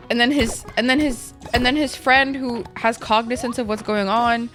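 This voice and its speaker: High-voiced woman streamer chatting casually. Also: fairly even intonation, normal speed, hardly any pauses, over music. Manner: emotional, rambling, lots of "like" and swearing. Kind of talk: casual gaming stream chat.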